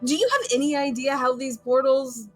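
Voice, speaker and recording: A woman's voice: high voice, normal speed, over music, rough recording. A woman player speaking in character in a tabletop game, polite and a bit hesitant. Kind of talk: in-character tabletop role-play.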